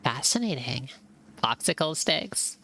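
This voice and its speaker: A woman's voice: low-pitched, big pitch swings, measured pace, sharp tone, a little hiss or hum. A woman streamer giving chatty, easily delighted commentary while playing a game. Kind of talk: casual gameplay commentary.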